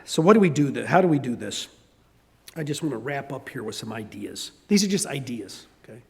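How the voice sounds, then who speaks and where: Animated older male preacher. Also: medium pitch, fairly quick, creaky, in a large hall. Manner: animated storytelling, conversational asides. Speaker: pastor. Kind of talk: sermon.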